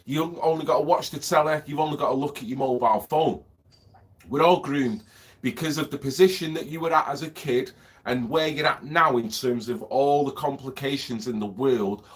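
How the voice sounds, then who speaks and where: A man, a vlogger with a lingering cough, rambling and ranting, swearing freely and asking if you know what he means. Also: medium pitch. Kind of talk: rambling monologue.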